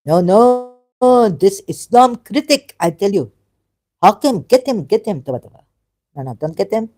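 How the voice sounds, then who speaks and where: Warm and expressive, her mid-range voice moves at an unhurried pace. The woman is a religion critic responding to a video, reading it out and pushing back in a casual way. Her exasperation shows as she argues and stumbles over her words.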